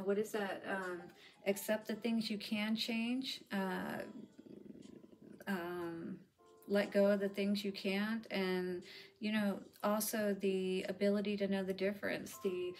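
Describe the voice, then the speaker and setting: A woman's voice: medium pitch, a little hiss or hum. A woman giving a spiritual tarot reading in a chatty, reassuring way, with lots of "you know" fillers. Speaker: tarot reader.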